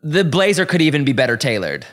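A man's voice: fairly high pitch, big pitch swings, fast talker. A man co-hosting a podcast, chatting casually and playfully about a show, tossing in quirky made-up words and stutters. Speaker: podcast co-host. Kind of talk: casual chat reviewing a show.

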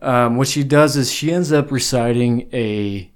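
A man's voice: medium pitch, unhurried. A man co-hosting a podcast, chatting casually about a novel, laughing easily and steering toward what each scene means. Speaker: podcast co-host.

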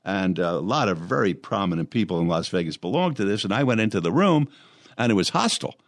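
An older man, a guest in an interview, telling long anecdotes and pausing often on fillers and restarts. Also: fairly low pitch, animated, no room sound, clean studio sound. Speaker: interview guest, former lawyer and mayor. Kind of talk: storytelling in conversation.

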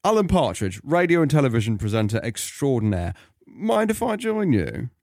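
A man's voice: mid-range voice, sing-song, normal speed, darkish tone, no echo, studio quality, pitched above the performer's own voice. A man with a British English accent putting on a pompous, awkward middle-aged male radio presenter as a comedy impression. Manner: self-important, puffed-up delivery. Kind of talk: comedy impression reading a script.

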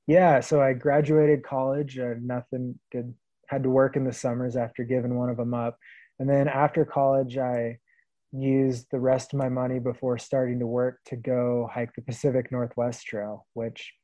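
A man around thirty from the Pacific Northwest, telling stories in a relaxed podcast interview and laughing often. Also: mid-range voice, moderate pace, dry recording, dull audio. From Vancouver, Washington. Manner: easygoing storyteller, laughs often. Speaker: guest, long-distance hiker.

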